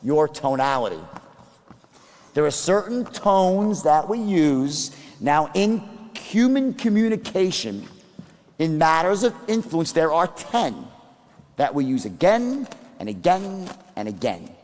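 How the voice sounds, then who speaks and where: Animated man lecturing in an echoing hall. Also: a little high, takes it slowly. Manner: emphatic, animated, quizzes the audience. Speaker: seminar speaker. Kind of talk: live sales seminar talk.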